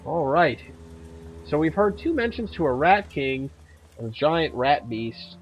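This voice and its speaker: A man's voice: a little high, sing-song, a little slow, dull audio, slight background noise. A man hosting a let's play, making casual, wry asides while reading a game. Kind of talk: casual gameplay commentary.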